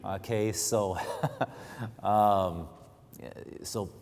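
A man from Cuba preaching a sermon, stammering through restarts and self-deprecating humor, then reading scripture loudly and emphatically. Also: on the low side, steady tone, drawn-out words. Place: church sanctuary. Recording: long hall reverb.

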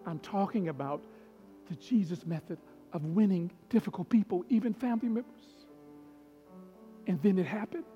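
A middle-aged man preaching a storytelling sermon as a pastor, swinging from hushed tones to loud peaks. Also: high-pitched, normal speed, pauses often, lo-fi sound. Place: large church hall. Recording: long hall reverb with faint piano. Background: soft piano.

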